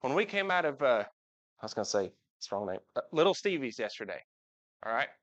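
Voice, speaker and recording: A man's voice: mid-range voice, sing-song, fast talker, fairly bright tone, dull audio. A man giving a casual, folksy sermon in a church, often asking the congregation questions. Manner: folksy, talks with the congregation, asks them questions. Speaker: preacher. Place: church sanctuary.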